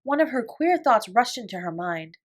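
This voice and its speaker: A woman reads a classic children's novel aloud as a bedtime story. Her voice is slightly high and very lively, rising and falling expressively through the narration. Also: moderate pace. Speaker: audiobook reader.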